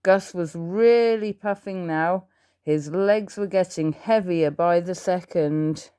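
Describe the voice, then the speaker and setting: A woman reads a children's storybook aloud at a slow, unhurried pace. Her voice sits fairly low, and she turns to the listener with small asides now and then. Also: warm tone, smooth.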